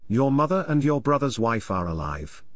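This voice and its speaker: A man's voice: mid-range voice, sing-song, normal speed, no echo, natural voice. A man voicing a guilt-ridden man who speaks hesitantly, groping for words.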